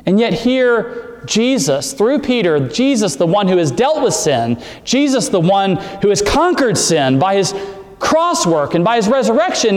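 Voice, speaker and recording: A man preaching a sermon, explaining scripture and climbing in pitch on the words he stresses. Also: very animated, measured pace, long reverb tail. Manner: expository preaching, rising emphasis on key words. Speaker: pastor.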